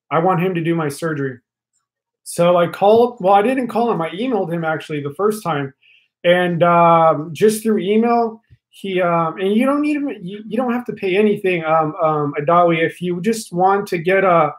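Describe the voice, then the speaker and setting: A man's voice: high-pitched, rough recording. A young man hosting a casual live stream, rambling to his viewers with lots of fillers and restarts, speaking into a studio mic held a bit away from his face. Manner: talkative, addresses viewers directly. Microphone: studio mic held a little away from face.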